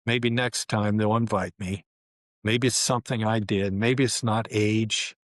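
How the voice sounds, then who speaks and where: A man's voice: lowish voice, a little slow, no room sound, studio quality. A man, telling a candid, colorful story as an interview guest. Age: 70s. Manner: candid, relaxed, colorful, with frequent fillers. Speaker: guest, former pro basketball player.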